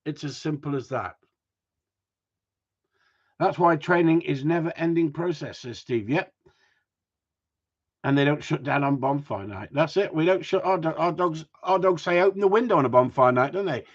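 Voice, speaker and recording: A man's voice: fairly high pitch, moderate pace, long pauses, highs cut off. A man, a dog trainer hosting a live stream, chatting casually and ranting at length while reading out viewer comments, swearing freely.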